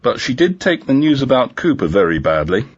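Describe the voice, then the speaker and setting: A man's voice: mid-range voice, very animated, a little fast, slightly rough, lo-fi sound, pitched above the performer's own voice. A man voicing a dry, ironic female police detective inspector in a storybook reading. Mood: teasing.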